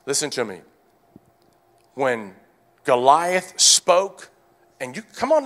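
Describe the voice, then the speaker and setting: High-voiced preaching pastor, calling to the church. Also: male voice, expressive, slow pace, pauses often. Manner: preaching with rising shouts and quiet stretches; calls out to the congregation. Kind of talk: sermon.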